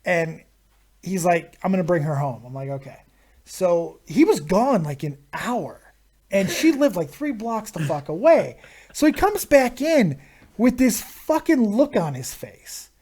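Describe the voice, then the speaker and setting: A man hosting a live stream, telling a crude story in a casual, animated way with constant swearing. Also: sits high, measured pace. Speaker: host of a live viewer Q&A stream.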